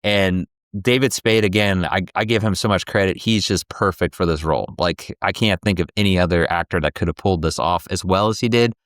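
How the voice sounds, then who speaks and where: A man's voice: sits low, a little fast, hardly any pauses, a bit bright, dry recording, clean studio sound. A man co-hosting a casual movie review chat, talking enthusiastically and now and then quoting lines in playful voices. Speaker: co-host of a movie review show.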